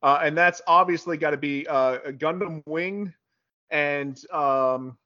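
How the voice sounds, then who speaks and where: Joking guy, high bright voice, lo-fi sound. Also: takes it slowly. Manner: joking, playfully argumentative. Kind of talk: casual group chat. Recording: dull lo-fi sound.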